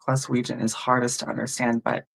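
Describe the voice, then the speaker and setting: A woman hosts a tarot livestream in a loose, chatty way, musing aloud and greeting viewers by name. Her voice has a steady gravelly fry running through it. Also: rumbling low, fairly quick. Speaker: tarot reader and livestream host. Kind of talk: casual livestream chat with viewers.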